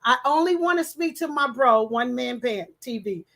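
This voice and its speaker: Chatty high-voiced woman hosting a livestream. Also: lively intonation, moderate pace, gravelly. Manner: chatty, warm greetings, stumbles over names. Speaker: livestream host. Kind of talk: casual livestream chat, reading comments aloud.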